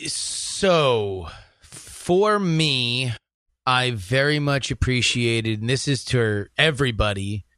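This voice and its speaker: A man judging on a podcast, giving critique in a measured, deliberate way. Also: mid-range voice, a bit bright, clear, resonant tone, dry recording. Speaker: judge.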